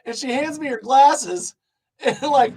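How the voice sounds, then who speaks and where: A man's voice: very high-pitched, takes it slowly, darkish tone, slight background noise. A middle-aged man from Illinois hosting a casual interview, rambling through stories, laughing often and swearing freely. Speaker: show host.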